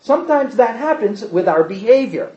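A man's voice: very high-pitched, expressive, moderate pace. Man teaching a Bible class, lo-fi. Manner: explanatory, repeats key points, wry asides.

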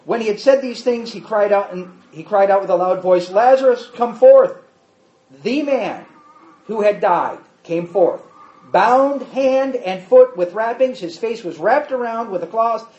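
High-voiced emphatic male Bible teacher. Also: moderate pace, a little mellow. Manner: emphatic, repeats points, quizzes listeners. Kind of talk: teaching Bible study, reading and explaining scripture. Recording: dull echoey room recording.

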